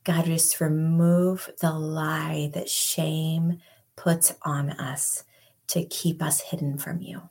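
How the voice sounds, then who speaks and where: A woman giving a devotional talk and leading a prayer, slow and soft, often dropping into a whisper. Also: sits low, flat delivery. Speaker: podcast host.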